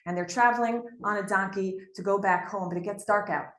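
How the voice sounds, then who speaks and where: A woman teaching a lesson, retelling biblical stories in an animated storytelling way, often checking in with "right?". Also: medium pitch, a little fast. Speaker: Torah teacher. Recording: echoey room.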